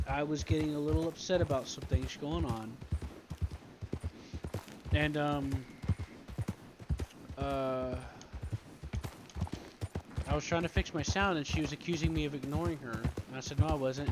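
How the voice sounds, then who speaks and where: Ranting man over loud noise. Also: fairly high pitch. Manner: ranting, heavy swearing, aggrieved. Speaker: streamer role-playing a character. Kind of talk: in-character role-play chat.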